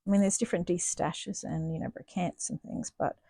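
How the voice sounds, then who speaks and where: A woman's voice: fairly low pitch, steady tone, brisk, gravelly, dark tone, slightly rough, no room sound. A woman chatting casually and thinking aloud as she stitches in her home craft studio, self-deprecating and chatty. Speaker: stitching vlogger. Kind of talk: casual chat while stitching.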